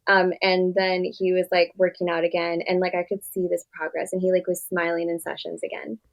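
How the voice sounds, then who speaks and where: A woman therapist for veterans, chatting casually as a guest in an interview and telling stories in a quick, filler-heavy way. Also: lowish voice, monotone, creaky, poor audio.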